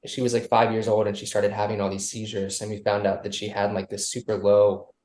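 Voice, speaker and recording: His delivery completely flat, a musician guest talks fairly quickly in a lowish, darkish voice. On this casual podcast he rambles loosely and often restarts, and the sound carries a roomy echo.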